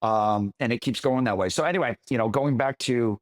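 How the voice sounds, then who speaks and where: A man's voice: medium pitch, brisk, dry recording. A man co-hosting a podcast in casual chat, telling a story in a rambling way with restarts. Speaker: podcast co-host.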